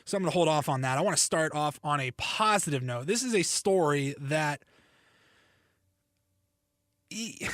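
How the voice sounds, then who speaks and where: A man's voice: on the high side, fairly bright tone, no room sound, clean studio sound. A young man hosting a sports podcast, chatty and self-deprecating. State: slightly hoarse, needs to cough. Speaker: podcast host. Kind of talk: casual sports podcast monologue.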